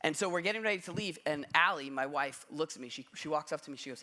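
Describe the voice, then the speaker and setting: A man preaching from the front of a church, with a bright, forceful tone that sits a bit high for a man. He speaks in a relaxed, conversational way and pokes gentle fun at himself. He sounds like he is in his thirties. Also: quick pace, hardly any pauses. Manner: conversational storytelling with self-deprecating humor. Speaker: pastor. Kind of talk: sermon. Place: church sanctuary.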